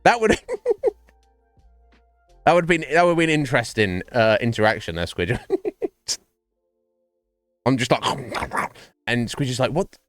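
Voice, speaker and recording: A man's voice: mid-range voice, expressive, takes it slowly, pauses often, a bit bright, no echo, studio quality, soft background music. A man chatting casually with his stream viewers, rambling, swearing and laughing often.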